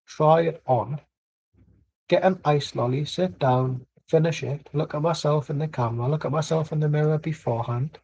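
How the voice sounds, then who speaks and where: A man's voice: a little high, vocal fry, warm tone, husky, rough recording. A man doing casual live match commentary from home, rambling and blunt with plenty of swearing. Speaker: watchalong streamer.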